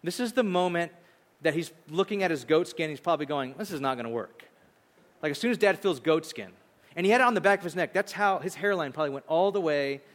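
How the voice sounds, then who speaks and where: A male pastor preaching a sermon, retelling a story in an animated, conversational way. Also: a little high, fast. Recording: long hall reverb.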